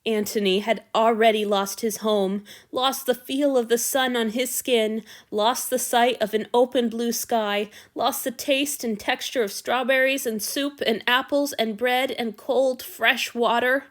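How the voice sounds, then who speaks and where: A woman narrating a fan fiction story aloud in a steady, expressive reading. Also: a little high, unhurried, few pauses.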